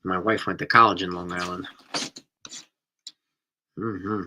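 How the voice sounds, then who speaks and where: Chatty low-voiced New man. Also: fairly even intonation, unhurried, bright, forceful tone, a little hiss or hum. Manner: chatty, rambling, enthusiastic about food. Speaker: host reading live chat. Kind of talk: casual live-stream chat.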